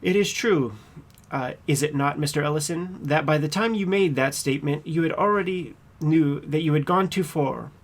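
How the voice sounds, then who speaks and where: A man reads a persistent trial lawyer pressing a witness under oath. His voice sits a little high, and he lays out each question methodically, with a plain read-aloud delivery and small "uh" hesitations. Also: moderate pace. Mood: accusing. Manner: pointed, methodical questioning with "uh" fillers. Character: persistent male trial lawyer cross-examining. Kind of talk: reading a court transcript aloud.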